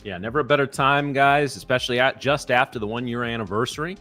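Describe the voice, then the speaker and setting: A man's voice: medium pitch, fast, bright, forceful tone, faint music behind. A man co-hosting a live trading show, chatting in a teasing, laid-back way with some swearing. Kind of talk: casual chat.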